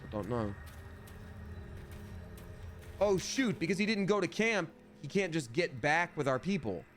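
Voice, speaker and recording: A man's voice: fairly high pitch, big pitch swings, a little slow, fairly bright tone. A man in his thirties chatting casually while playing a video game live, reading chat aloud and slipping into playful voices.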